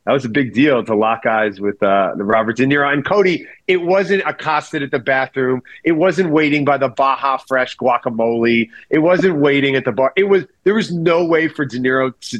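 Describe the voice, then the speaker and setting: A man guesting on a podcast as a film critic, chatting in a relaxed, easygoing way. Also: medium pitch, normal speed, hardly any pauses, no room sound. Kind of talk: casual podcast chat.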